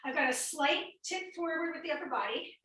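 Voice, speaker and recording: A woman's voice: sits high, expressive, a little fast, bright, forceful tone. A woman fitness instructor coaching a workout class, counting reps and cueing moves while exercising, a little out of breath. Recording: echoey room, mic at a distance.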